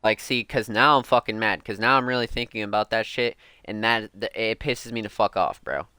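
A man's voice: fairly low pitch, fairly quick, sharp tone, clear, resonant tone, dry recording, studio quality. A young man hosting a music podcast, ranting casually and heatedly, swearing a lot and filling his talk with "like" and "bro". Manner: profane, heated, slangy, lots of "like" and "bro". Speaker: podcast host. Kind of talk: casual rant.

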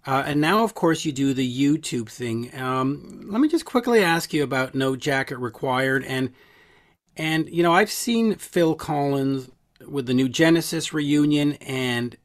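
A man's voice: medium pitch, expressive, measured pace. A man hosting an interview, asking long, rambling questions with enthusiasm and repeated words. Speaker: interviewer host.

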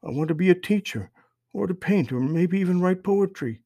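A man voicing an unhappy young boy who speaks in a soft, tearful near-whisper. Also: high-pitched, animated, normal speed, no echo, voice pushed up. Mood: pleading.

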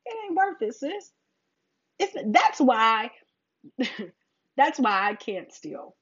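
A middle-aged woman giving a casual faith talk straight to her listeners, preachy and animated, calling them sis. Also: fairly high pitch, takes it slowly, breathy edge, highs cut off.

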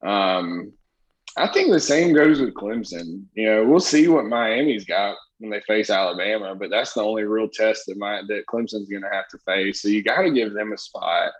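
A man's voice: on the low side, normal speed, muffled recording. A man talking football as a guest in a casual podcast chat, opinionated and hedging with "I mean". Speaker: guest, executive producer.

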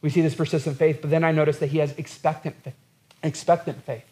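Guy preaching a sermon, kinda high voice, earnest, repeats himself a lot, acts out the quotes. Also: flat delivery, quick pace, darkish tone. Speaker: pastor.

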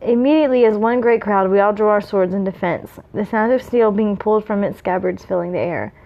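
A woman's voice: mid-range voice, brisk, highs cut off. A woman reading fan fiction aloud, with small slips and asides. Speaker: reader.

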